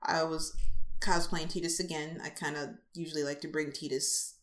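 A chatty woman talking casually about conventions. Her voice sits a little low and carries a lively, animated delivery full of fillers. The room around her is echoey. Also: normal speed.

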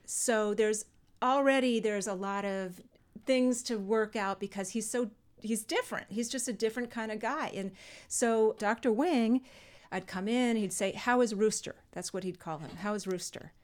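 A middle-aged woman hosting a casual interview. She is a fitness trainer who talks in an animated, expressive way and laughs easily. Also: fairly high pitch, normal speed. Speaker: podcast host and fitness trainer.

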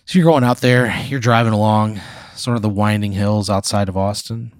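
Deadpan guy rambling thru a made-up story, low voice, dry sound. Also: normal speed, no echo. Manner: deadpan, rambling second-person narration. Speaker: improv storyteller. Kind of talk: improvised comedy storytelling.

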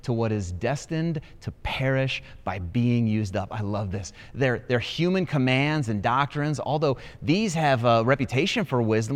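A man preaching a sermon as pastor, telling stories with rising excitement. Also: medium pitch, normal speed, hardly any pauses. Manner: animated storytelling with rising excitement. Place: church auditorium.

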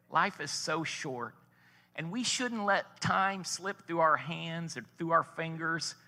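A man's voice: a little high, creaky, bright, forceful tone, big-room sound. A man preaching a sermon as a pastor, telling a story in a folksy way and building to emphatic points.

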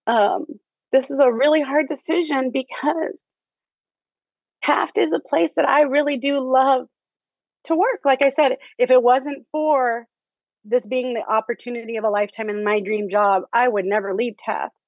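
Woman guest, casual and halting, lots of ums, dry dull-sounding recording. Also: sits high, fairly even intonation, dry recording. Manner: halting, many fillers, laughs often. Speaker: theater teacher, interview guest. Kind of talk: casual interview chat.

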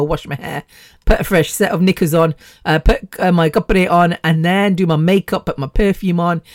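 Lady in her 50s rambling on her podcast, low voice, dead dry sound, swears a bit. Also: no room sound. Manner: chatty and rambling, with swearing and laughs. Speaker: podcast host. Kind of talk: casual solo podcast chat.

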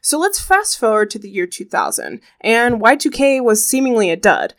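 Chatty, animated woman podcast host. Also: fairly high pitch, normal speed. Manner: animated and chatty, pop-culture asides. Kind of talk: true crime podcast narration.

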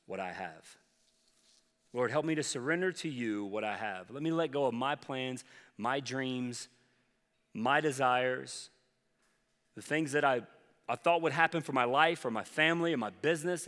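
A man in his thirties, a pastor preaching a sermon in an earnest, conversational way that often drops soft and low. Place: church auditorium. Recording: long reverb of a large hall with faint music.

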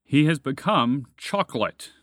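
A man voicing a calm, matter-of-fact orange dragon with a gentle, shrugging manner in a storybook reading. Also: mid-range voice, a little slow, no room sound, clean studio sound.

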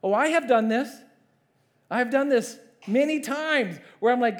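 A man preaching a sermon as pastor, conversational and animated, asking the congregation questions and acting out biblical characters. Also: very high voice, measured pace. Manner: animated, acts out voices of Moses and God.

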